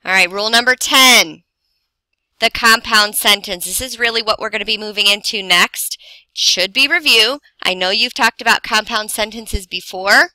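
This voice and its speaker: Woman teacher going over grammar rules, super bright voice, dry close sound. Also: mid-range voice, no room sound, rough recording. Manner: slow, deliberate explaining with pauses for emphasis. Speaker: English teacher. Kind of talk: recorded grammar lesson.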